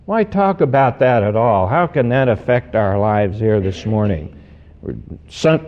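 A man, a pastor, giving an earnest sermon, slowing down to stress key words. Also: medium pitch. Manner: measured, earnest preaching with slowed emphasis. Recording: dull recording with long hall reverb.

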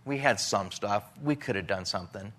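A man's voice: lowish voice, normal speed, fairly bright tone. Emotional man telling a testimony. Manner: emotional, many restarts, acts out quoted dialogue. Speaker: relief worker telling a testimony. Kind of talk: personal testimony.

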